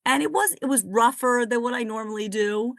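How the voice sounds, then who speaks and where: A woman's voice: fairly quick, no echo, studio quality. A woman on a group coaching call, sharing in a cheerful, eager way. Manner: cheerful, eager, bright rises in pitch. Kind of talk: casual sharing. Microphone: video call.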